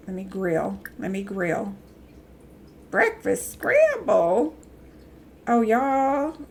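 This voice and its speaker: A woman's voice: fairly high pitch, vocal fry, slight background noise. A young woman chatting casually while live-streaming a game, talking back to the characters on screen.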